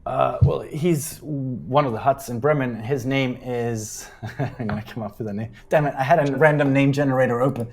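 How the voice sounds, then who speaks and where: A man serves as game master for a tabletop session. He narrates in a relaxed, conversational way, tossing in fillers and making up details on the spot. His voice sits at an ordinary middle pitch. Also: normal speed, hardly any pauses. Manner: casual, improvising with fillers.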